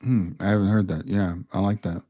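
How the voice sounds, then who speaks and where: Low-voiced male podcast host asking questions. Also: fairly even intonation, a little fast, dark tone. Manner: curious, short affirming responses. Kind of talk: interview questions.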